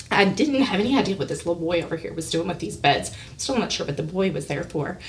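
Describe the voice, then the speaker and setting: A woman guest on a podcast tells a personal story casually, speaking quickly in a lowish voice with hardly any pauses. She animatedly acts out other people's lines, laughs often, and at times gets emotional, nearly in tears. Her voice is a bit distant from the mic, with faint hiss.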